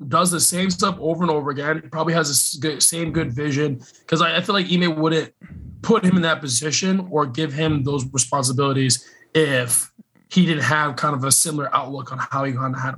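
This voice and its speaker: A man co-hosting a casual sports podcast, a former college football player who talks in an animated, emphatic, slangy way. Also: fairly high pitch, slightly rough, poor audio.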